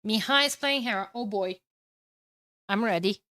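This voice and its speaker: A young woman with a Romanian accent casting a live strategy game match and chatting with her viewers, excitable and casual, with sudden loud exclamations and the odd curse. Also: mid-range voice, normal speed, no echo, studio quality. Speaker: streamer casting games. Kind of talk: live game commentary and chat reading.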